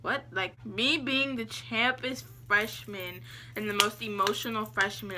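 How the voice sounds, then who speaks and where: A young woman vlogger telling a story in a casual, slangy, animated way, often breaking into laughter. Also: medium pitch, a little slow, a little hiss or hum.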